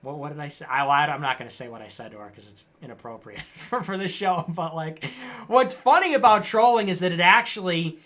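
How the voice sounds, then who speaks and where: A man's voice: fairly high pitch, animated, brisk, hardly any pauses, a bit bright. A man hosting a livestream, reading viewer comments aloud and answering them in a sarcastic, mocking way. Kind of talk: casual political commentary.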